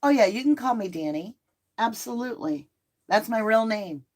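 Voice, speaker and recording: This middle-aged woman from the Southern United States hosts a casual live chat, answering viewer comments at a normal speed in a fairly high voice. Her accent mixes Southern and Northern American, and she's chatty and animated, laughing easily.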